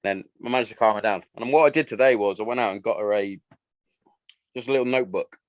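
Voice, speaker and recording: A man's voice: on the low side, fast, dry recording, dull audio. A man in his thirties hosting a podcast, chatting casually and acting out his family's lines as he tells stories. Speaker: podcast host. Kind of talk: casual chat.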